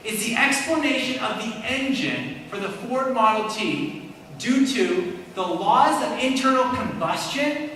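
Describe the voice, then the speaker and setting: A man's voice: very high-pitched, animated, unhurried, pushed and bright, a little hiss or hum. A man giving a conversational apologetics talk in a church, often checking in with his listeners. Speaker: Christian apologist speaker. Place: church hall. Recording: echoey hall from far off.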